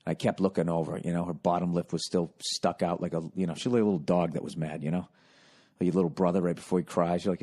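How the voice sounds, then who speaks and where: A man in his forties from the United States, hosting a podcast, telling comedic stories in a profane, animated rant. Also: low voice, rapid-fire. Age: 40s. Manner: profane, animated, loud when retelling. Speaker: podcast host.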